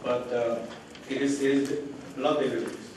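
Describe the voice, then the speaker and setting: A man's voice: mid-range voice, fairly even intonation, moderate pace, background noise. Man speaking in a very echoey hall. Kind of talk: meeting remarks. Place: large meeting room. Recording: very echoey room audio from far off.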